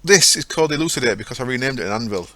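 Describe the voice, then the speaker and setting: A man's voice: mid-range voice, animated, rapid-fire, bright, forceful tone, dry recording. A man giving casual, rambling commentary over his own gameplay, often correcting himself as he goes. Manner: chatty, rambling, self-correcting. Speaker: gaming channel host.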